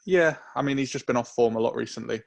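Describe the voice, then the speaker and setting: A man co-hosting a casual football podcast, giving relaxed, opinionated takes. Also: mid-range voice, gravelly. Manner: relaxed, opinionated, drawn-out reasoning. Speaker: podcast co-host.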